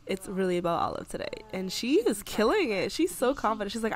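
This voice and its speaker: A young woman casually commentating a life-simulation game, chatty and excitable. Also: mid-range voice, a little fast, hardly any pauses. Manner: chatty, excitable, with frequent gasps and laughs. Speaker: gaming video creator. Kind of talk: casual let's-play commentary.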